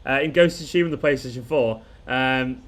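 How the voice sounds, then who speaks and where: Speaking a little fast in a medium pitch, a football fan channel host chats casually during a live watchalong. His delivery is rambling and punctuated by chuckles, with sentences often begun again.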